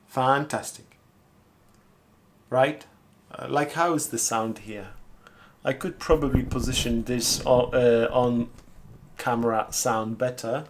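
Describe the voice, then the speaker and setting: A man's voice: mid-range voice, steady tone, slow, long pauses. A man talking casually on a live stream, thinking aloud and rambling as he repeats himself. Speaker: street artist streaming live.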